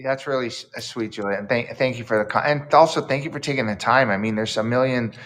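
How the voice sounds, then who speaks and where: A man's voice: mid-range voice, quick pace, fairly bright tone, a little hiss or hum. A man who is an author guest in an interview, reflective and storytelling, acting out quoted lines. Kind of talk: casual interview chat.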